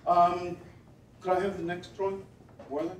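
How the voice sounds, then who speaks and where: A man's voice: high voice, flat delivery, moderate pace, a little hiss or hum. A man performing a live stage act with audience volunteers at a gala, teasing them with wry asides and chanting repeated commands. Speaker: stage performer reading body language. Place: event hall at a gala. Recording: roomy hall, voice picked up from a distance.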